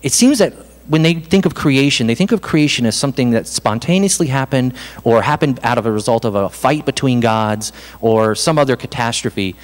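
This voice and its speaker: A man preaching a sermon as pastor, in an animated, conversational way with self-deprecating asides. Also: medium pitch, moderate pace. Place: church hall. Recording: reverberant hall.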